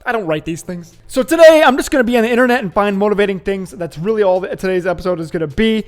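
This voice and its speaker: Upbeat, joking high-voiced man. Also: animated, fast talker, soft background music. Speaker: host. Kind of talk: casual vlog commentary.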